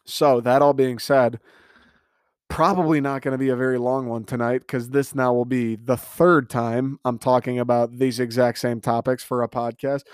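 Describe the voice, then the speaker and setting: Speaking at a normal speed, a man in his twenties hosts a casual solo podcast, sarcastic and rambling with self-mocking asides, though the hiccups bother him. His medium-pitched voice has little pitch movement and a clear, resonant, slightly mellow tone. The recording is dry, with clean studio sound.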